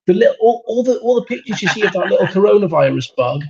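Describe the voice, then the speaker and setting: A man's voice: high-pitched, expressive, fast, gravelly, a little mellow, muffled recording. A man on a comedy chat show, riffing in a mock-indignant way.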